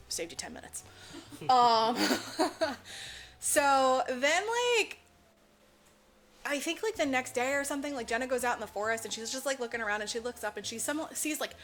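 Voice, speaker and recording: A woman co-hosting a podcast, recapping a movie in casual, profane chat and acting out the characters' lines. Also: a little high. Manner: animated, profane, acts out quotes. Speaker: podcast co-host.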